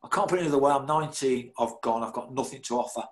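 A man, a guest telling lively, self-deprecating stories and laughing through them. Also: mid-range voice, rapid-fire. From Birmingham, England. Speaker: guest, former footballer. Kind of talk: anecdotal storytelling.

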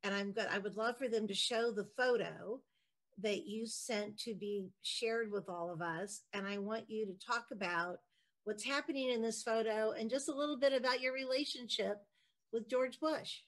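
A woman's voice: on the high side, moderate pace, low-quality recording. A woman hosting a book discussion, prompting her guest with friendly, teasing questions. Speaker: host interviewing a guest.

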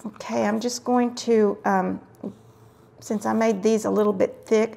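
A woman's voice: on the high side, steady tone, unhurried, gravelly. A middle-aged woman hosting a casual crafting tutorial, chatting while she works and murmuring to herself at times. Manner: chatty, warm asides while working, drifts into murmurs. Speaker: craft video host.

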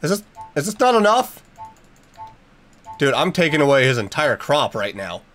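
A man's voice: on the high side, big pitch swings, normal speed, fairly bright tone, soft background music. A man giving let's play commentary, jumpy and reactive, talking to the game's characters and using mild minced oaths. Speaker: gaming YouTuber.

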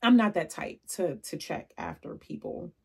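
A young adult woman vlogging casually, telling animated stories with laughs and asides. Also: on the low side, normal speed, gravelly, breathy edge. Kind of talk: casual chatty vlog.

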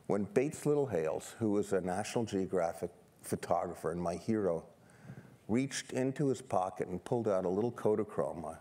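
Older guy from new york, lowish voice, lively self-mocking stage storyteller, lots of restarts. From New York City. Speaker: guest photographer on stage. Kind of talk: humorous stage conversation. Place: seminar stage before an audience.

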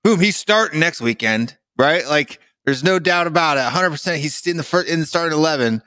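A man's voice: fairly high pitch, lively intonation, a little fast, sharp tone, no echo, clean studio sound. A young adult man co-hosting a podcast in casual chat, talking in an exasperated, rambling way with lots of fillers. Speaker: podcast co-host.

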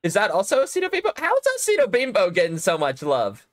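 A man streaming a game, chatting casually and getting excitable, with playful sound effects. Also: high-pitched, fast, dry recording, clean studio sound. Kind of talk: casual gaming chat.

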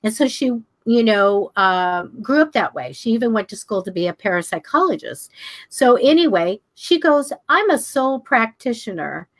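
An older woman co-hosting a psychic talk show, telling stories in a casual, animated way, acting out the voices of people in them and laughing often. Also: mid-range voice, moderate pace. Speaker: psychic radio show co-host. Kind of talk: casual storytelling chat.

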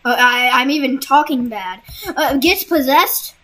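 Giggly young woman with a bright, high voice. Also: unhurried. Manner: giggly, exclamatory, reacting out loud. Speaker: gamer. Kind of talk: casual game commentary.

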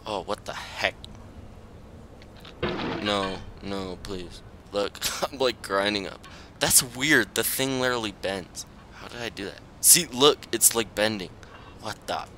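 A young man commenting on his own gameplay, pleading with himself and muttering, with sudden high yelps when things go wrong. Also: measured pace, long pauses. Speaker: gaming channel host. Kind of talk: let's-play commentary. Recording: loud background noise.

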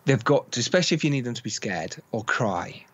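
A man's voice: mid-range voice, fast talker, breathy edge, dull audio. A man, a film director guest on a podcast, telling stories and acting out quoted dialogue. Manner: animated storyteller acting out quotes. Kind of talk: podcast interview.

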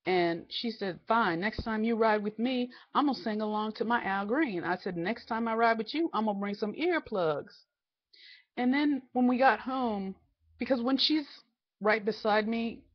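A woman vlogger telling a rambling, exasperated story about her family, quoting each exchange in quick back-and-forth. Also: fairly high pitch. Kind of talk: casual storytelling rant. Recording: slightly dull lo-fi home recording.

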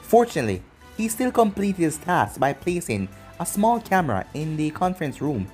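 A narrator reading a fan story aloud, moving quickly through the action and voicing every character. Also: medium pitch, faint music behind. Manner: lively, quick narration with voiced dialogue.

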